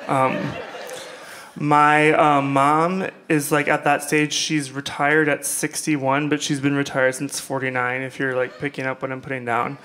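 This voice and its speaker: A man's voice: medium pitch, flat delivery, unhurried, bright, forceful tone. A young man from Iowa performing a stand-up comedy set, rambling and sarcastic, with lots of fillers. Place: small comedy club stage.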